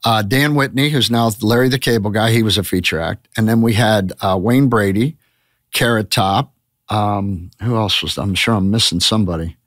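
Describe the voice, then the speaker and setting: A man's voice: on the low side, moderate pace, dry recording, clean studio sound. A man in his fifties, a comedian guest telling candid stories in a casual, rambling podcast chat. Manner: candid, rambling storyteller with restarts.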